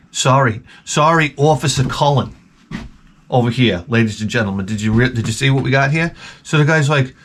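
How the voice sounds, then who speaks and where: A man's voice: mid-range voice, lively intonation, brisk, fairly bright tone, a little hiss or hum. A man hosting his own channel, telling a rambling, profane comic story and acting out the people in it. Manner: rambling, profane, with acted-out quotes. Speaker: channel host. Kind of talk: comedic storytelling rant.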